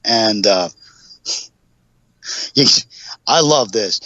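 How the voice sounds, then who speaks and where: A pro wrestler on a podcast tells road stories, rambling through anecdotes packed with fillers in a casual storytelling interview. His lowish voice has lively intonation, drawn-out words, and a slightly bright quality, with no room sound. The podcast audio is dull and lo-fi.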